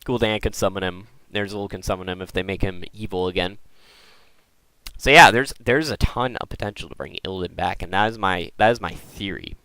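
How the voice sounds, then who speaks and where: A man hosting a gaming video, excitedly rambling through lore theories and often repeating his words. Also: low-pitched, a little fast, clear, resonant tone, no room sound, rough recording. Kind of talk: casual lore theorizing talk.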